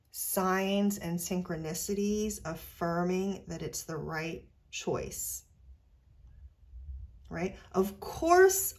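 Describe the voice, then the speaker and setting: Slow, low-voiced woman giving a tarot reading. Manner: ends many sentences with a questioning "right?"; earnest, gently encouraging. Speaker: tarot reader. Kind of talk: unscripted spiritual tarot reading.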